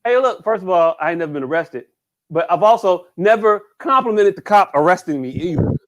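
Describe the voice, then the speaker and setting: A podcast co-host with a high voice jokes and swears his way through a loose, comedic chat, talking a little fast with bouncy, excitable delivery. He seems a bit drunk, laughs a lot, is animated, and keeps repeating "hey, look."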